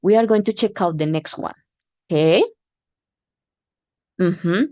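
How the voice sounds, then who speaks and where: Slow, patient woman teacher. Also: fairly low pitch, warm tone, no room sound. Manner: patient, repeats words slowly and clearly, encouraging. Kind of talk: demo phonics lesson for learners.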